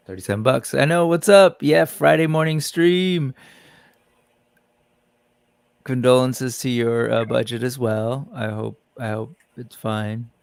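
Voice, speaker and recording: A man hosts a laid-back live stream, greeting viewers in the chat by name. His voice has a gravelly edge. The sound is dry and close. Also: medium pitch, moderate pace, hardly any pauses, no echo. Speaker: livestream host. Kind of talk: casual livestream chat.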